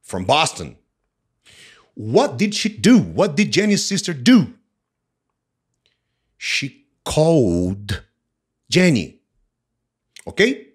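A Portuguese-speaking man with a Brazilian accent leads an English lesson, repeating each phrase several times. He asks questions and answers them himself. His voice swings widely in pitch while his pace stays slow and careful. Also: wildly swooping pitch, husky. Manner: switches between English and Portuguese. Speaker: English teacher. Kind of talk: language lesson reading and explaining a story.

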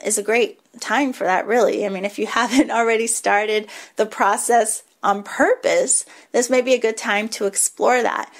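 Reflective woman hosting a spiritual podcast. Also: on the high side. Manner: rambling, reflective, with small laughs and restarts. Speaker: podcast host, reiki teacher. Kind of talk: casual spiritual talk.

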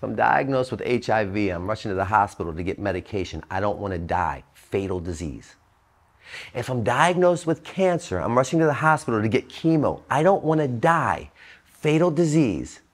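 A man in his forties speaking to an audience at a treatment center, blunt and profane, swinging between loud emphatic bursts and low quiet asides. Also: animated, a little fast, hardly any pauses. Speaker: motivational speaker. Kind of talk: recovery talk to an audience.

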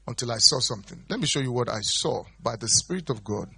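A man's voice: brisk, vocal fry, sharp tone, breathy edge, no room sound, studio quality. A middle-aged man preaching a sermon as pastor, dramatically acting out pleading quotes. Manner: dramatic, acts out quoted pleas with big pitch jumps.

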